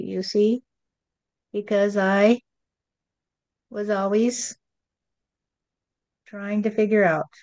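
A woman working as a medium, speaking for a spirit in a slow, rhyming, preachy monologue that keeps asking "you see". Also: mid-range voice, a little mellow.

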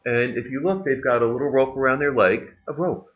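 A man delivers a sermon in an easy, talkative manner, with wry asides and bursts of laughter along the way. His voice sits at an ordinary middle pitch. The recording is somewhat muffled and lo-fi. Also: a little fast. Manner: conversational preaching with jokes and laughs. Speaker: pastor.

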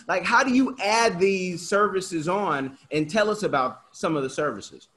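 A man with a notably high speaking voice hosts a podcast interview. He talks in an animated, chatty way, full of asides and quick restarts. He is from Oakland, California. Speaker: podcast host. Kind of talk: casual interview chat.

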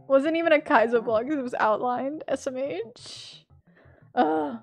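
A woman streaming a platform game, chatting with her viewers, laughing a lot and yelling loudly when she fails. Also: high voice, a little slow, vocal fry, faint music behind. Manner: chatty, laughs often, bursts into loud yells at failures. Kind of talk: casual live-stream commentary.

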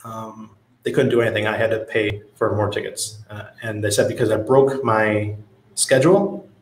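A man's voice: mid-range voice, roomy sound, poor audio. A man hosting a casual livestream, reading out viewer comments and telling stories in a blunt, profane way. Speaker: crypto livestream host.

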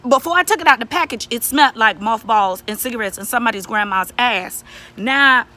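A woman's voice: fairly high pitch, fairly quick, bright, forceful tone. A young woman vlogger ranting casually to camera, exasperated and profane, repeating herself for emphasis. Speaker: beauty vlogger reviewing a wig.

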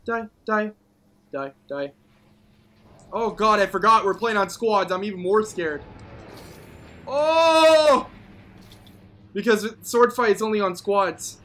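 A male gaming host giving live gameplay commentary, excitable, whooping and playfully taunting opponents. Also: high voice, slow, long pauses.

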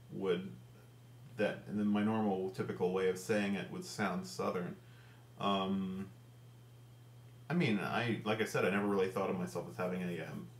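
Deep male vlogger, central Ohio accent, very rhotic, halting casual delivery; echoey room, light hum. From central Ohio, USA. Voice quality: strongly rhotic, hard R's. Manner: hesitant, with frequent ums and restarts. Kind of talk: casual talk to camera.

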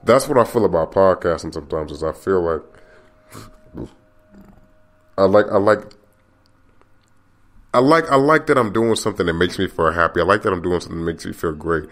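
A man's voice: low-pitched, animated, normal speed, pauses often. A man hosting his own podcast, talking alone in a rambling, confiding way and often repeating and restarting his phrases. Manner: open and confiding. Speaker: podcast host. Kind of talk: casual solo podcast monologue.

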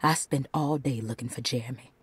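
A woman voicing an anxious young diary writer in a breathy whisper, as a whispered role-play in a game. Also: rumbling low, brisk, slight background noise.

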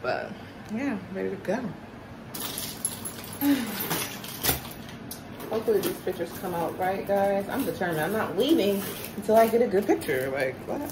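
A woman's voice: mid-range voice, lively intonation, moderate pace, long pauses, background noise. A young woman vlogging from her car and her school, talking bluntly and cursing freely when annoyed. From Philadelphia area. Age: young adult. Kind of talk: casual vlog talk.

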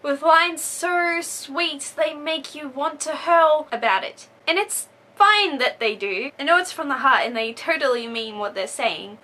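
A woman's voice: high voice, sharp tone. A woman vlogger talking to camera in a casual comedic monologue, wry and playfully sarcastic.

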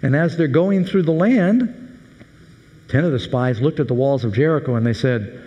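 Animated, high-voiced preacher in an echoey hall. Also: male voice, moderate pace. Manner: animated, humorous storytelling. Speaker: pastor. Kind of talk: sermon.

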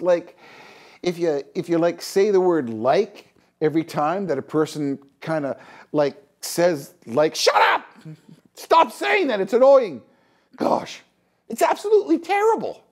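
Exasperated middle-aged man ranting. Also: sits high. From Canada. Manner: exasperated, scolding, animated. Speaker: podcast host. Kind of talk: opinion commentary monologue.

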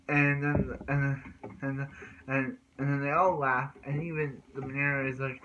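A man's voice: medium pitch, flat delivery, normal speed, pushed and bright, dull audio, slight background noise. A man recapping cartoon episodes in a rambling way, with many restarts and repeated words. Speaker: cartoon reviewer.

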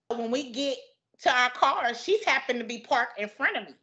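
High bright-voiced profane storyteller. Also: female voice, animated, fairly quick. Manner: profane, dramatic storyteller who acts out both sides of arguments. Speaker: podcast guest. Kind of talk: animated storytelling in casual chat. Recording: muffled lo-fi podcast audio.

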